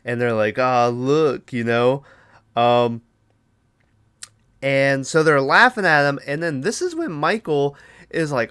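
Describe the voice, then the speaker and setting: A man in a middle pitch retells a film's plot for his podcast, rambling and swearing as he goes. He keeps slipping into quick impressions of the characters. His voice is smooth and clear, recorded dry and close. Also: expressive, a bit bright, no room sound. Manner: profane, rambling, acts out characters' lines. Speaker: podcast host. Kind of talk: casual movie recap.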